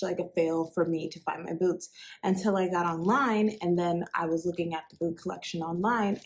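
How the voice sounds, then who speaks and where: Chatty excitable woman vlogging. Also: fairly low pitch. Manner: chatty and excitable, acting out retold conversations. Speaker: fashion vlogger. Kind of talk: casual storytelling unboxing vlog.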